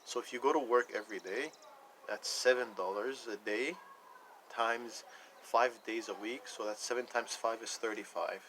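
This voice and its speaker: Speaking into the camera in a casual rant, this vlogger rambles and circles back over the same points while recounting conversations. His mid-range voice is slightly bright, with fairly even intonation and a moderate pace, and the poor recording carries some hiss or hum.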